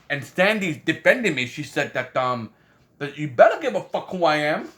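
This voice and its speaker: Rambling man retelling a story, bright tense voice, keeps saying "you know what I mean". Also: a little high, sing-song, normal speed. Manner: acts out quoted voices. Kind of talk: casual spoken anecdote.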